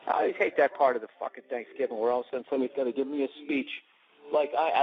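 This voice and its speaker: A man's voice: mid-range voice, very animated, racing. A man hosting his own podcast from inside a parked car, rambling in a profane, sarcastic way. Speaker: podcast host. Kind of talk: casual solo podcast rant. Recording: dull lo-fi recording.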